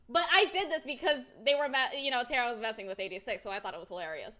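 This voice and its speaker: A young woman streamer chatting casually and telling a rambling, excitable story, her voice swinging between loud and soft. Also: a little high, quick pace, few pauses. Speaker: VTuber streamer.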